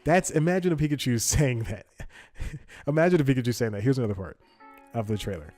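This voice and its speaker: A man's voice: mid-range voice, lively intonation, fast, a little mellow, soft background music. A man hosting a solo podcast in casual commentary, chatty, thinking aloud and laughing often. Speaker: podcast host.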